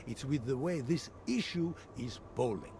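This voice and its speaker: A man's voice: medium pitch, lively intonation, moderate pace, crowd noise, close to an everyday voice. A man playing a smug, slippery politician. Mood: defensive. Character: smug, evasive male politician.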